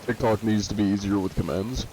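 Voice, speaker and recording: During a live stream of a pirate game, a man casually reads viewer comments aloud and tosses back offhand, joking answers with the odd chuckle. His somewhat low voice sounds warm and mellow, steady in tone and fairly quick, picked up on a desk mic with a faint hiss underneath.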